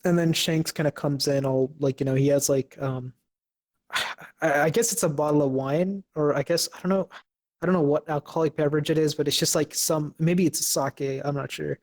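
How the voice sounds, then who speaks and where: A young male podcast co-host casually recaps an episode, sounding hesitant with many fillers and restarts. His voice is on the high side and a little mellow, brisk and fairly even in intonation.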